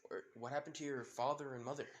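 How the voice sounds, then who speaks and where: A young woman warrior hiding as a soldier in a fan-made story, as a man reads her in a near-plain voice. She sounds unsure and halting, and stumbles as she talks. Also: mid-range voice, steady tone, lightly acted. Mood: nervous.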